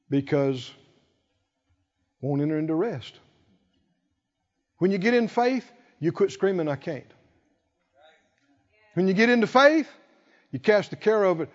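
A man preaching a sermon, acting out the people in the story and swinging from quiet talk to shouting. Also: sits high. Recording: dull lo-fi sound with long hall reverb.

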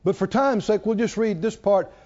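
A man preaching a sermon in a folksy, emphatic way that builds to shouting, recorded with dull lo-fi sound. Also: sits high, normal speed.

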